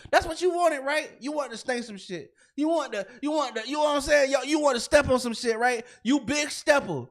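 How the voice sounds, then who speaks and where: A man's voice: very high-pitched, a little fast. A man co-hosting a comedy podcast, ranting in a heated, profane way and repeating himself when fired up. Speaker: podcast co-host.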